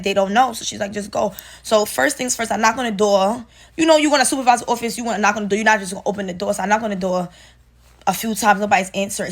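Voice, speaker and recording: A young woman with a slightly high voice speaks in a lively, unfiltered storytime monologue. She talks straight to her viewers and swears freely. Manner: animated, profane, addresses viewers as y'all. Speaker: storyteller vlogger.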